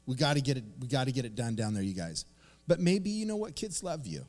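Animated pastor preaching in a reverberant church hall. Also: male voice, medium pitch, fast talker. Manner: animated, conversational, acts out quotes. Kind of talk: casual sermon. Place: church sanctuary.

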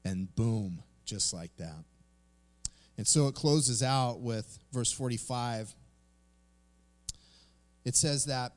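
A man's voice: mid-range voice, takes it slowly, long pauses. A man preaching a sermon, telling a personal story in a conversational way and then reading scripture aloud. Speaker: pastor.

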